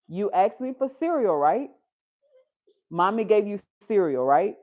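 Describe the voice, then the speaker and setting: A woman's voice: mid-range voice, sing-song, measured pace, dark tone. A young woman chats casually to her livestream viewers from a busy family home. She keeps breaking off to coax and scold her toddler, then picks the chat back up. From Houston, Texas. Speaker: livestream host.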